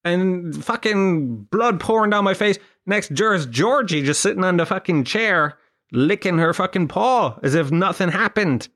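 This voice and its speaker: An Irish man in a solo comic monologue, his voice sitting a bit higher than most men's. He rambles through anecdotes, swears freely and mocks himself with dry asides. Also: expressive, moderate pace, fairly bright tone. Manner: profane, self-mocking storyteller. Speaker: podcast host.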